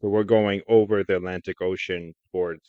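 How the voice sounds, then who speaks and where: Blunt, wry man with a low voice. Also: steady tone, fairly quick, clean tone, no room sound. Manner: blunt, wry, swears casually. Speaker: podcast co-host. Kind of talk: casual chat, storytelling. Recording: dry, slightly dull sound.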